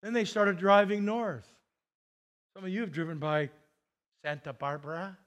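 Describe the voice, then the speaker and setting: A man's voice: high-pitched, moderate pace. A middle-aged man preaching a sermon as pastor, telling stories and acting out quoted voices with big swings. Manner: animated storyteller, acts out quotes with big swings.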